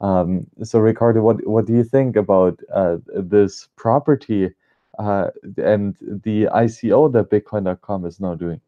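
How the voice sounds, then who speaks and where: A man's voice: lowish voice, a little slow, narrow, tinny audio. A man hosting a live-streamed talk show, asking questions and trailing off at times. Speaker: host. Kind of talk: live-streamed casual discussion.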